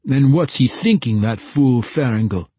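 A gruff village man ranting with scorn, as a male narrator puts him on. His voice is pushed high and loud, with a husky edge. It comes from a storybook reading. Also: animated, unhurried, no room sound. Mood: scornful.

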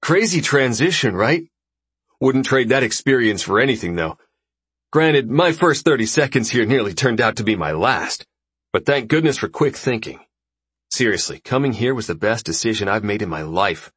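A man's voice: medium pitch, big pitch swings, normal speed, fairly bright tone, breathy edge, no room sound, voice pushed up. A man voicing a jovial, boastful young male ruler who talks in a breezy, self-assured way for an audiobook. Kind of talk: audiobook character voice.

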